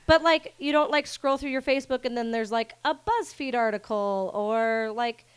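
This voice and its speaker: A woman's voice: on the high side, normal speed, clear, resonant tone. A woman co-hosting a podcast in casual chat, gushing and swearing freely, with lots of "like". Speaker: podcast co-host.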